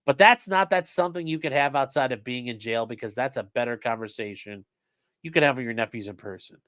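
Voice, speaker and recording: A medium-pitched man speaks fairly quickly, reading a court transcript aloud on a live stream and commenting as he goes. He's casual, profane and animated, voicing the quotes in shifting voices. The recording is dry and of studio quality.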